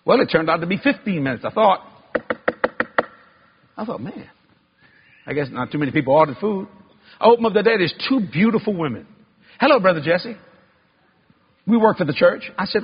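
A man preaching a sermon, telling a story in a folksy way with y'all and ain't, swinging from loud exclaiming to low hushed tones. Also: very animated, brisk, long pauses, dull audio, a little hiss or hum. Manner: folksy Southern-style speech with y'all and ain't.

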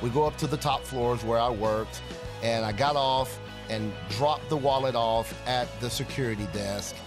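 A man sharing a personal testimony in an earnest, animated way, acting out the dialogue he quotes. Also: medium pitch, moderate pace. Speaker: ministry partner giving a testimony. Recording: guitar music playing underneath. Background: soft guitar music.

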